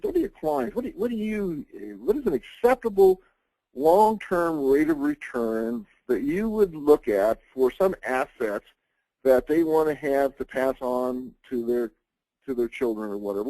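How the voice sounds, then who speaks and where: A man talks through a webinar lesson in a loose, conversational way, stumbling over restarts and "you know"s. His voice is mellow and relaxed, close and dry on the mic with no room sound. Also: fairly high pitch, dry recording, low-quality recording. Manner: conversational, many fillers and restarts. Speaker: webinar presenter on insurance planning. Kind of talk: informal webinar lecture.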